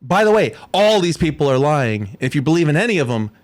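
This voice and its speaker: A man's voice: a little high, big pitch swings, a little fast, no room sound. A young man ranting on his livestream, sarcastic and mocking, swearing a lot and mimicking people in sneering voices.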